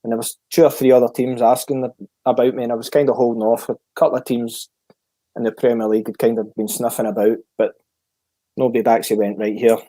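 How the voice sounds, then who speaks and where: A Scottish man, a former footballer, telling a story in a relaxed chat and acting out the dialogue he retells. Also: medium pitch, quick pace, dry recording. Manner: lively storyteller who acts out the dialogue he retells. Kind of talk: casual storytelling.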